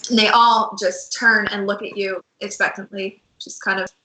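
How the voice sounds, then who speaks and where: A woman narrating a tabletop game as game master, unhurried and searching for words as she describes the scene. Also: mid-range voice, level tone, bright, forceful tone, roomy sound, slight background noise, poor audio. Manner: unhurried, hesitant descriptions with fillers.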